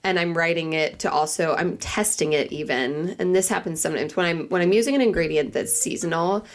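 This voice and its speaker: A woman's voice: lowish voice, a little fast. A woman in her thirties, a cookbook author, chatting in a podcast interview with many asides and quoted thoughts. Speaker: cookbook author and newsletter writer.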